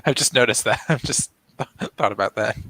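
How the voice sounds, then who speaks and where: A man's voice: mid-range voice, a little fast, sharp tone, slight background noise. A man co-hosting a casual late-night stream, giggling and reading chat comments aloud. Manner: giggly, apologetic asides, reads chat aloud. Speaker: co-host on a livestream.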